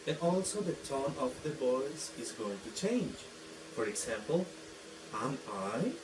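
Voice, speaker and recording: Slow, lively-pitched male teacher in echoey room. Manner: slow, deliberate, often checks with "right?". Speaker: English teacher. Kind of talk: classroom grammar lesson. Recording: echoey room, distant mic, noisy background.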